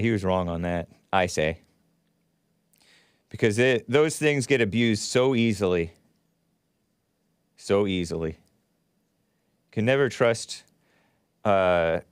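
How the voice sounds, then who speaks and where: A man's voice: fairly low pitch, smooth, no room sound, studio quality. A man hosting a call-in talk show, chatting casually, laughing often and reading out listener comments. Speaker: radio call-in show host.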